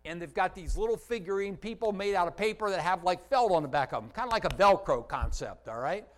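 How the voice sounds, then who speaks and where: A man preaching a sermon as a pastor, telling stories with lively emphasis, sometimes loud, sometimes dropping quiet and slow, asking the congregation questions. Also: high-pitched, rough recording. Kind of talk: sermon storytelling.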